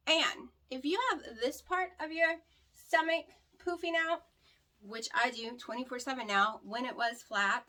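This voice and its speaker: A woman with a country American twang talks to her camera at home in a casual vlog. Her voice sits a little high and has a bright, forceful edge. She is candid and blunt, and she repeats herself for emphasis. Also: steady tone, a little slow. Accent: rural American country. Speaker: keto weight-loss vlogger. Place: at home, indoors. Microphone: camera on a tripod with a light.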